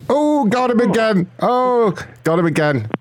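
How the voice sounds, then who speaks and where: A man's voice: sits high, very animated, a little slow, slight background noise. A man hosting a prank call livestream, chatting casually, swearing and laughing as he jokes. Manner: profane, laughing, joking. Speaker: host of a prank call show.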